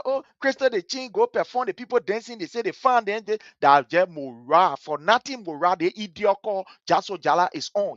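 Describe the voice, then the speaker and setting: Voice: mid-range voice, brisk, hardly any pauses, a bit bright, no room sound, muffled recording. A host with a Liberian accent who comments angrily and passionately on a video during a livestream. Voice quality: passionate, emphatic, repetitive. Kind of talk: angry live commentary over a video.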